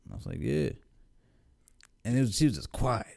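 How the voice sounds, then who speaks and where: A man's voice: medium pitch, brisk, gravelly. A man telling stories in a casual chat, laughing often. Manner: animated storytelling, laughs often.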